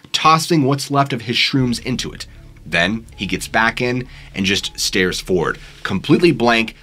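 Husky, animated male horror narrator. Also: medium pitch. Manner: dramatic, suspenseful storytelling. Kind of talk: narrating scary true stories. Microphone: studio microphone.

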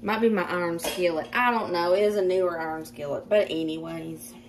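A woman with a Southern American accent chatting casually through a cooking demonstration in her home kitchen. She is self-deprecating and quick to laugh. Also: fairly low pitch, fairly even intonation, noisy background. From Southern United States. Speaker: cooking vlogger.

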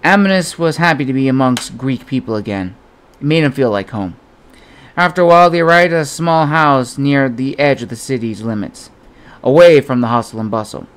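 A man narrating an adventure novel as an audiobook in a steady storytelling manner. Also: mid-range voice, brisk, clean tone.

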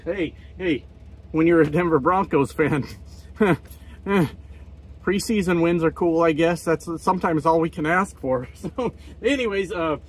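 A man who drives trucks talks straight to his vlog audience in a loose, rambling rant. His voice sits a little high and has a husky edge. He swears freely and keeps joking at his own expense. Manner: profane, joking and self-mocking.

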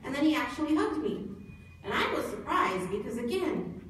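Woman, conference presenter, conversational, slightly high voice, distant mic, big echoey hall. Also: big pitch swings, moderate pace, fairly bright tone, a little hiss or hum. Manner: conversational, self-deprecating humor.

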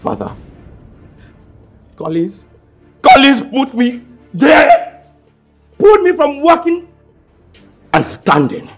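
Brief: vengeful Nigerian prince, low husky voice, lively, dull film audio with music. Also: male voice, normal speed, pauses often, heavily acted. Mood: threatening. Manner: threatening. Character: bitter, vengeful young prince in a wheelchair. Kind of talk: Nollywood film acting.

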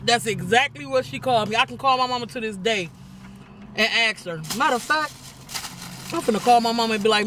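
A young woman with a bright, forceful voice tells a story in a relaxed, chatty way, calling out to her viewers as y'all and laughing along. She talks between bites of food, sounding like she is sitting in a car. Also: a little high, brisk, a little hiss or hum. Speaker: vlogger host. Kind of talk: casual storytelling while eating.

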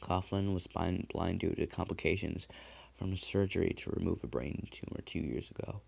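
A man narrating a dark horror story in a measured, hushed delivery. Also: low-pitched, gravelly, husky, no room sound. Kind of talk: dramatic horror story reading.

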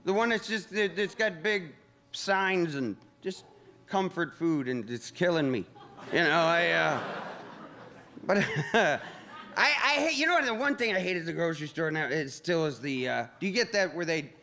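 A man's voice: a little high, animated, pushed and bright. A man doing a rambling, profane stand-up set and introducing the next comic on a club stage. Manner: rambling, halting restarts, profane. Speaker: stand-up comedian and emcee. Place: comedy club stage before a live audience. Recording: live club recording with crowd laughter.

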